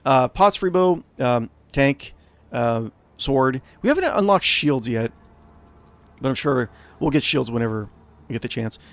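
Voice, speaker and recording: Animated rambling game streamer, man. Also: medium pitch, unhurried, no room sound. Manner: rambling, animated, lots of fillers. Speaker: let's play host. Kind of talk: game commentary.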